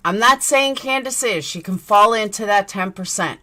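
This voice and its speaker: A woman's voice: medium pitch, moderate pace, bright, forceful tone. A woman commentating on a video, speaking emphatically and repeating phrases for stress. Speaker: YouTube commentator. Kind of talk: commentary on a case.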